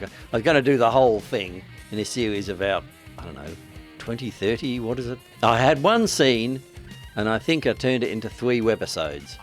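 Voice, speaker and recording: Male author, deep-ish voice, casual rambling vlog tone. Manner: rambling, self-deprecating, wry asides. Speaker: author promoting his book.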